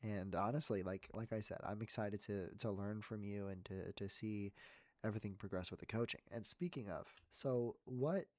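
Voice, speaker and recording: Hoarse man hosting a podcast chat. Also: on the low side, moderate pace, a little mellow, no echo, studio quality. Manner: earnest, rambling, many fillers. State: hoarse, worn-out voice. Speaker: podcast host. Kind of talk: casual interview chat.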